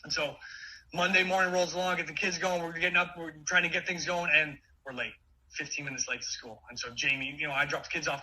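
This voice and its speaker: A man in his forties giving an energetic motivational talk, with many quick restarts. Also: high-pitched, a little hiss or hum, low-quality recording. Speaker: keynote speaker.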